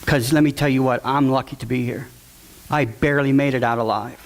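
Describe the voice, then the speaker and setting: A man's voice: mid-range voice, steady tone, brisk, slight background noise. Earnest man giving a heartfelt testimony. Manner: earnest, repeats words for emphasis. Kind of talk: emotional public testimony.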